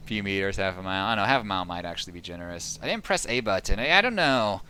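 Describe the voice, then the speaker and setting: A man's voice: sits low, expressive, very fast, pushed and bright, slight background noise. Sarcastic, swearing male game streamer. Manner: sarcastic, profane, rambling asides to chat. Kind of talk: casual gaming commentary. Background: game music and sound effects.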